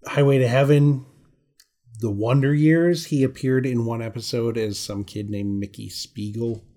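A man's voice: medium pitch, fairly even intonation, measured pace, warm tone. A man co-hosting a movie podcast, casually running through an actor's credits and swearing now and then. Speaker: podcast co-host. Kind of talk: casual chat.

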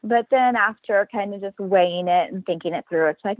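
A woman's voice: medium pitch, fairly quick, few pauses, dry recording. Matter-of-fact woman on a tinny line. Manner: matter-of-fact, upbeat, acts out quoted voices. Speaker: guest. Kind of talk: casual interview talk. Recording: dry, tinny phone-like line.

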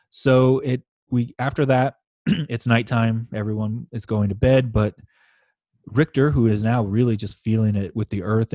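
Male podcast host, mellow tone, dry recording, casual rambling recap style. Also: on the low side, no echo. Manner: laid-back, chatty, swears and laughs. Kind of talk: casual comic book recap.

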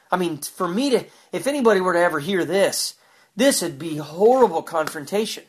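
A man pouring out an anguished, fervent spoken prayer, pleading and repeating himself. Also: high voice. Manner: repetitive, fervent.

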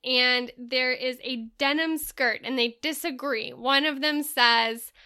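Woman podcast co-host, high bright voice, enthusiastic, reads aloud then chats. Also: fairly even intonation, takes it slowly, clear, resonant tone. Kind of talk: casual chat, reading aloud from a book.

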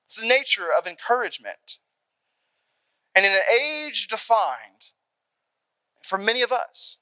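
A young adult man preaching a sermon in an animated, conversational way, acting out little scenes along the way. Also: high-pitched, dry recording. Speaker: pastor.

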